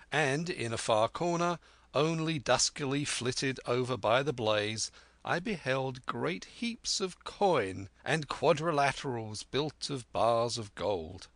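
Brief: male audiobook narrator, mid-pitched, steady, dry close-mic studio sound. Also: dry recording. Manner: steady, clear reading. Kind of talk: scripted narration.

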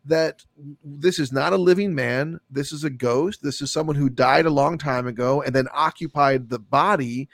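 A man in a casual film-discussion chat, talking in animated run-on sentences full of "like" and swearing. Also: on the high side, moderate pace, no echo. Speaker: podcast co-host discussing a film.

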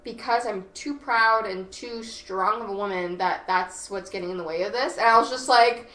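Animated young woman telling a story. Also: medium pitch, moderate pace. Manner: animated, heavy use of "like", swearing freely. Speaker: podcast guest. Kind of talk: casual storytelling chat. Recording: echoey room with faint noise.

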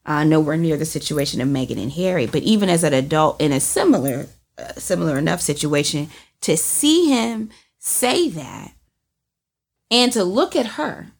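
Female co-host, lower pitch, emphatic and dramatic in casual talk. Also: vocal fry. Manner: animated and emphatic, given to dramatic pauses. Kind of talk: casual discussion.

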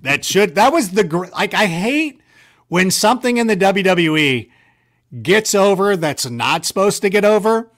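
A man chatting casually, spinning rambling, self-mocking stories. His voice sits a little high and jumps up whenever he acts out a line, then drops low when he trails off. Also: lively intonation, unhurried, fairly bright tone. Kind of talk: casual storytelling chat.

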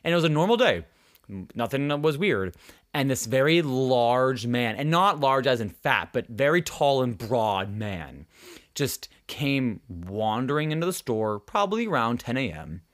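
A man's voice: mid-range voice, unhurried. Young guy podcast host, casual storytelling, voice jumps all over, swears a lot. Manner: animated, swearing, acts out quotes.

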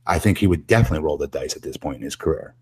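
Husky low-voiced man ranting. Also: rapid-fire. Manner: emphatic, animated, repeats words. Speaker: wrestling podcast panelist. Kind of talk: casual opinionated chat.

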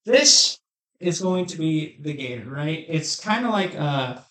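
A man's voice: on the high side, big pitch swings, measured pace, fairly bright tone. A man doing a rambling comic monologue, joking and sarcastic. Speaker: comedic host.

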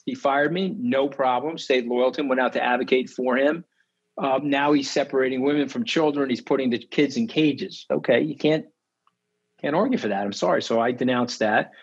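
A husky-voiced man, telling stories as an interview guest. He speaks emphatically and with indignation, and his voice climbs sharply when he is outraged. The audio is slightly dull and lo-fi. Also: mid-range voice, moderate pace. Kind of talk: animated interview storytelling.

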